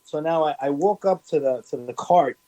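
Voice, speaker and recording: Emphatic middle-aged man, slightly high voice. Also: moderate pace, mellow, rough recording. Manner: emphatic, repeats phrases, many restarts. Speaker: food business owner, guest. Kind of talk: casual interview storytelling.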